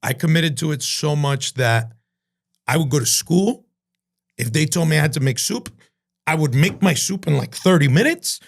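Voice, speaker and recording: Man, chef guest on a podcast, gravelly voice, somewhat high pitch, profane, animated storyteller. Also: moderate pace. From Cuban-American from New Jersey. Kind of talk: casual storytelling interview.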